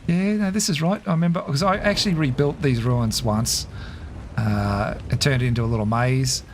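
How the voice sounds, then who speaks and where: A middle-aged man, casually commentating a game on a live stream, chatty and quick to laugh as he thinks aloud. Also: medium pitch, a little hiss or hum.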